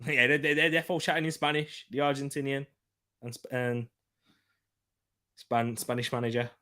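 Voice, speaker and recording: A man hosting a live football watchalong, excitable, laughing often and shouting out at near chances. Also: mid-range voice, normal speed.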